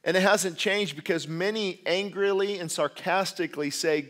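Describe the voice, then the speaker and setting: A man's voice: sits high, normal speed. A man preaching a sermon, emphatic and repeating key words, with conversational asides and self-corrections. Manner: emphatic, repeats key words, grows louder when stressing points. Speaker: pastor.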